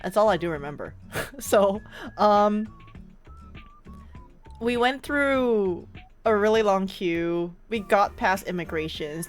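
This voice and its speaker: A woman streamer telling a story in casual chat, animated and laughing often. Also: mid-range voice.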